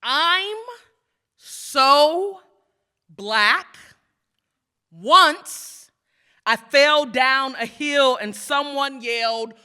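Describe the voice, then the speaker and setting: A woman's voice: sits high, extremely slow, long pauses, sharp tone. A woman poet giving a live reading at a museum, mixing playful, self-teasing asides with rhythmic, building spoken-word poems. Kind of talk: live poetry reading with banter. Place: museum event before an audience.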